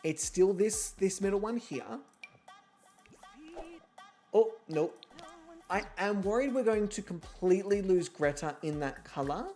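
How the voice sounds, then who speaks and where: A woman's voice: medium pitch, lively intonation, measured pace, long pauses, dark tone. A woman streaming live, chatting casually and thinking aloud as she weighs choices and answers her viewers. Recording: faint music underneath.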